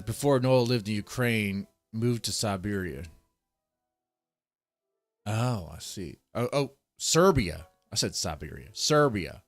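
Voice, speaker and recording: This man's voice sits on the low side with a slightly bright edge. Reacting to a video live, he says hello to chat, then launches into a mocking, profanity-laden rant in typical casual stream commentary.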